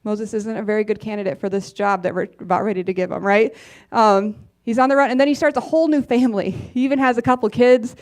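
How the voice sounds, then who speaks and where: A woman's voice: mid-range voice, steady tone, fast talker, darkish tone. A woman giving a casual sermon in a church, chatty and often laughing, with many fillers. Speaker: preacher.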